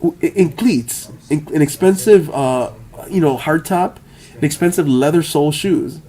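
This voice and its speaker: Male vlogger, rambling profane monologue, stammering restarts, slightly high pitch. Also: moderate pace, warm tone. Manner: stammering, repeats words, profane, laughs often.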